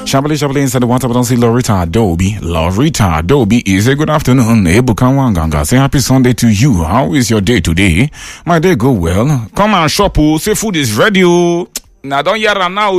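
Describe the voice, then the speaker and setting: A man's voice: medium pitch, brisk, no echo. A man with a Nigerian accent hosting a call-in radio show from a studio, bantering playfully with callers and reading out messages. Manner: lively, playful banter in pidgin. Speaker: radio host.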